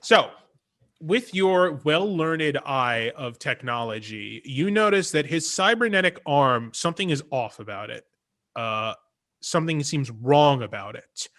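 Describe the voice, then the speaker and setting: A man's voice: mid-range voice, animated, unhurried, fairly bright tone. A man running a tabletop game as game master, explaining rules and describing scenes.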